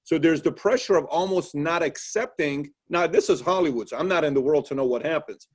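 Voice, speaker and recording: A man's voice: a little high, fairly quick. A man hosting a casual interview, asking questions and telling stories with acted-out quotes. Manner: animated storytelling, acts out quotes. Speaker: podcast host.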